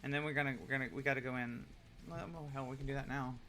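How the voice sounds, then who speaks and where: A man's voice: mid-range voice, level tone, rapid-fire, sharp tone, faint music behind. A young man chatting casually while he paints on a live stream, joking and explaining each step.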